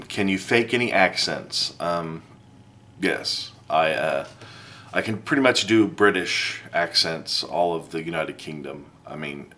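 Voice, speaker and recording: A man's voice: low-pitched, sharp tone. A man talking casually to camera in a video blog, rambling with many fillers and self-deprecating asides. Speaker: vlogger.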